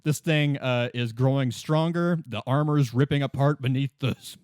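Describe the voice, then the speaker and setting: Male podcast host, casual and rambling, laughs a lot, mid-pitched, dry sound. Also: darkish tone, smooth, no echo. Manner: rambling, laughing, acts out characters in quick voices. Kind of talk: casual retelling of a novel.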